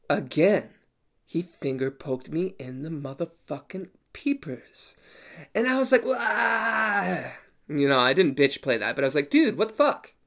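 A man hosting his own show, telling a story casually and with lots of energy, swearing and acting out sound effects and quotes. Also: high voice. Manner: animated, profane, acts out quotes and sound effects. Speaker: show host.

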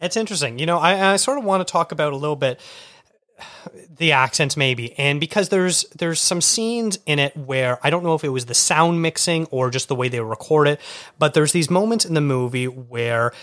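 A man hosting a casual film podcast who sets up topics and asks his guest questions. He speaks in a measured way, and his voice is a little higher than most men's. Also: expressive, a bit bright. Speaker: podcast host.

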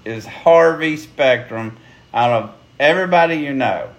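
Slow-talking joking male podcast host. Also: medium pitch, lo-fi sound. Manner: laughing, joking, crude banter. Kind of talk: casual chat over drinks.

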